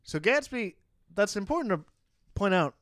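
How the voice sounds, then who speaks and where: A man with a fairly high, smooth, clear voice talks loosely about a novel with a friend. He reads excerpts and slips into playful asides, laughing often. The recording is dry and close. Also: big pitch swings, normal speed, fairly bright tone, dry recording. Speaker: podcast co-host discussing a novel. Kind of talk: casual book-club chat.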